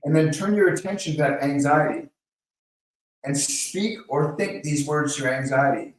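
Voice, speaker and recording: A man with a somewhat high voice talks viewers through slow breathing and answers their questions one by one in a steady, coaching tone. He sits back from the microphone, and the room around him rings with heavy echo. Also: far from the mic. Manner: calm, coaching, speaks directly to viewers by name. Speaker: host of a live Q&A. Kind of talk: live-stream advice and guided breathing. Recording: very echoey room, voice off-mic.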